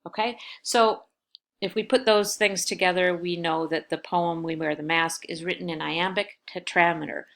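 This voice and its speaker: A woman's voice: fairly low pitch, steady tone, moderate pace, a bit bright. A woman teacher giving a recorded lecture over slides, explaining patiently with frequent fillers.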